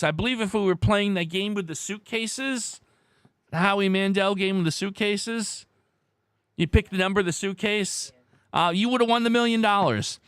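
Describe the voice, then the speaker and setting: A man hosting a live word-game stream, reading out viewers' guesses in an excitable way, his voice worn hoarse. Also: sits high, dry recording, clean studio sound. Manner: animated, excitable, shouts "No!" at wrong guesses. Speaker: livestream host.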